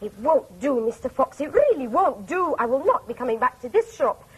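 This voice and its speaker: A woman's voice: sits high, big pitch swings, fairly quick, breathy edge, full character voice, poor audio. A woman playing a fussy, indignant lady customer in a children's TV skit, prim and complaining.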